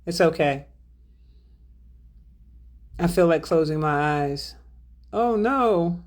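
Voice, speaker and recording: A woman's voice: on the low side, expressive, slow pace, a little mellow. Drawling woman thanking livestream viewers. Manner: drawling, affectionate, calls viewers baby and beloved. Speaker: spiritual healer hosting a livestream. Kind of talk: livestream chat, reading out viewer donations.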